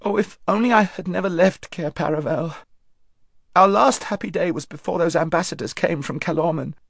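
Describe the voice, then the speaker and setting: A man voicing a tearful young queen, high voice, storybook, dry close mic. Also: moderate pace, no room sound. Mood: sobbing. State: crying.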